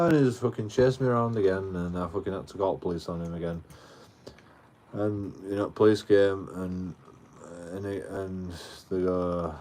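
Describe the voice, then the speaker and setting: A man's voice: fairly low pitch, expressive, unhurried, pauses often, a little mellow, a little hiss or hum. A man telling a story outdoors, rambling, swearing heavily and restarting his sentences. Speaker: livestreamer. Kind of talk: casual storytelling.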